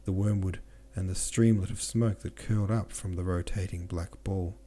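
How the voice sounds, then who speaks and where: A man reading a classic novel aloud as a podcast narrator, steady, with small slips he corrects himself. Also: low voice, normal speed. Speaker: audiobook narrator and podcast host.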